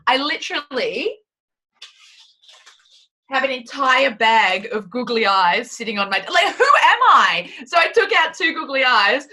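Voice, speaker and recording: A woman's voice: sits high, expressive, unhurried, pauses often, bright, forceful tone, low-quality recording. An Australian woman author as an interview guest, playful and jokey, with lots of giggles. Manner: playful, jokey, giggly, full of goofy bits. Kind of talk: casual interview chat. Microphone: microphone with windsock on a video call.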